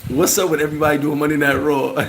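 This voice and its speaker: High-voiced, slangy man livestreaming. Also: gravelly. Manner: animated, slangy, laughs often. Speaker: channel host answering live chat. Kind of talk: casual livestream chat. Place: bar. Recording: roomy with loud background noise.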